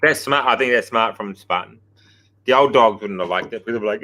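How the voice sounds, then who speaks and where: A man's voice: fairly low pitch, brisk, pushed and bright, rough recording. A man, co-hosting a casual gym chat show, blunt and swearing, telling stories with a self-mocking edge. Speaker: podcast co-host, gym coach.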